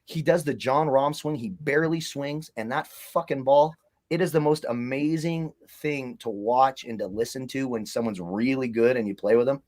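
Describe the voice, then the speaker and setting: A man's voice: medium pitch, moderate pace, darkish tone. A man co-hosting a casual chat, telling long rambling stories with plenty of swearing. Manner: rambling, profane storytelling. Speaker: co-host.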